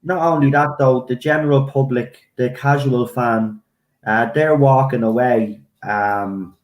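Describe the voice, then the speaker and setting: Opinionated man in an echoey room. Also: medium pitch. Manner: blunt, opinionated, halting restarts. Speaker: stream guest. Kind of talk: casual chat.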